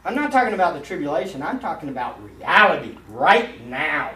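A man, a pastor, preaching a sermon in a church sanctuary, emphatic and swinging between loud and hushed delivery. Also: a little high, very animated, fairly quick. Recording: roomy echo, mic at a distance.

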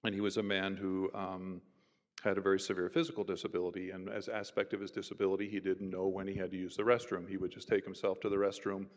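A man, a university professor, telling stories in an animated conversational way and voicing the people in them. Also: low voice, fast. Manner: animated, voices others in his stories. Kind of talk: conversational storytelling. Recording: roomy with long reverb.

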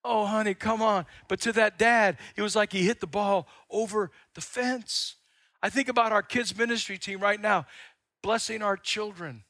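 An older man preaching a sermon as pastor, telling stories with lively acted-out quotes and frequent repeated words. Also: high voice, normal speed, no echo, studio quality. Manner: animated storytelling, acts out quotes.

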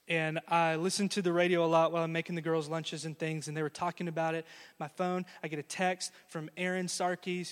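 High-voiced male pastor in an echoing hall. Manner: storytelling, earnest, ending in quiet blessing. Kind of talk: sermon.

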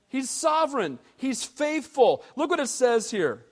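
A man preaching a sermon as pastor, animated and conversational, with casual slang. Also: extremely high pitch, a little slow. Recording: long hall reverb.

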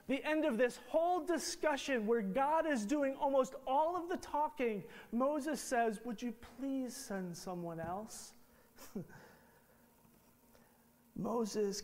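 A man's voice: high voice, darkish tone. A male pastor preaching a sermon in a conversational way, full of rhetorical questions and restarted phrases. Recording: long reverb in a large hall.

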